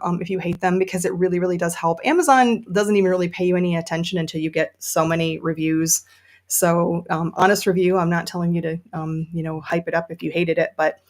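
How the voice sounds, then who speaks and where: A woman hosting a casual livestream, chatty and enthusiastic, with many fillers. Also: on the low side. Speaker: podcast host and novelist.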